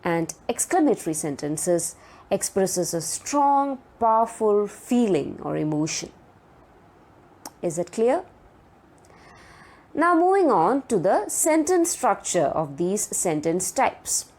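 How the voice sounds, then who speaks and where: A woman giving a recorded grammar lecture, speaking deliberately and checking in with her students. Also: mid-range voice, sing-song, a little mellow. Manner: sing-song rise on example sentences.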